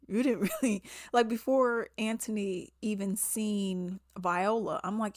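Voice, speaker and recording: A woman giving a casual spoken movie review, animated and quick to mimic people in quotes, laughing often. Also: medium pitch, dry recording, studio quality.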